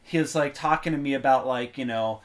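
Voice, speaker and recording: In a medium-pitched voice and at a slightly fast pace, this male podcast co-host rambles through a casual chat. His talk is full of filler words and restarted sentences.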